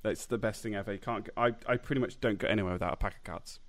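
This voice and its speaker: A man co-hosting a podcast in casual chat, rambling and often trailing off quietly, with frequent laughs. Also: lowish voice, rapid-fire, dry recording. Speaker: podcast co-host.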